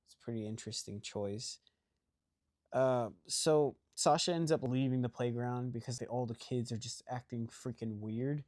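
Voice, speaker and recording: A man's voice: mid-range voice, fairly even intonation, normal speed, a little mellow. A young man casually recapping a movie plot, rambling and filling his talk with "like" and "right?". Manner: rambling, heavy use of "like" and "right?".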